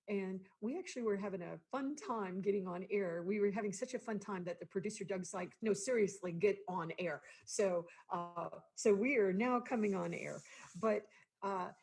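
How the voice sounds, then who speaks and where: A woman's voice: medium pitch, darkish tone, breathy edge. A woman hosting an interview show, chatty and laughing easily. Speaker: podcast host. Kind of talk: casual interview chat.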